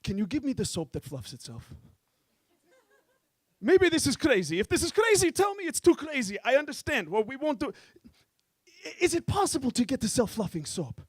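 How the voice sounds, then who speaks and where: A man's voice: very high-pitched, sing-song, moderate pace, pauses often, slightly rough, dry recording, clean studio sound, full character voice. A man voicing a rich, pompous oil sheik who makes grand theatrical pronouncements. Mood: grandiose.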